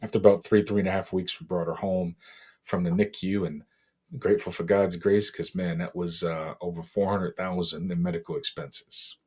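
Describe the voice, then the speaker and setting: A middle-aged man from Boston, a podcast guest, telling a painful personal story in a halting, emotional way with many fillers. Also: deep voice, level tone, darkish tone, husky. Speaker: interview guest.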